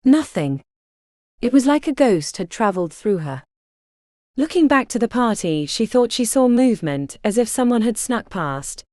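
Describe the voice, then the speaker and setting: Expressive woman narrating a fantasy audiobook. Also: fairly high pitch, normal speed, dry recording, studio quality. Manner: expressive, dramatic reading.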